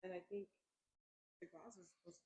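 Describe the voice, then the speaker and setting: A woman off camera caring for someone after surgery, talking quickly in a teasing, reassuring way. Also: fairly low pitch, steady tone, mellow, breathy edge. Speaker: caregiver off camera.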